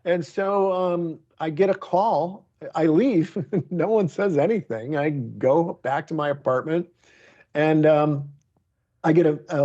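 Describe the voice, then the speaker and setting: A man from Detroit tells a story as an interview guest, his voice sitting fairly high. He is animated and acts out the lines of the people in his story. The sound is a little dull and lo-fi. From Detroit, USA. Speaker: comedian guest.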